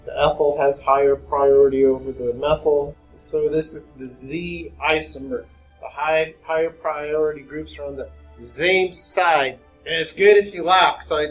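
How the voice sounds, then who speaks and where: A man's voice: on the high side, steady tone, normal speed, faint music behind, low-quality recording. A man teaching organic chemistry in a classroom, casually explaining and asking his students questions. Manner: conversational, addresses students with questions. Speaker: chemistry lecturer. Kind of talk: classroom lecture.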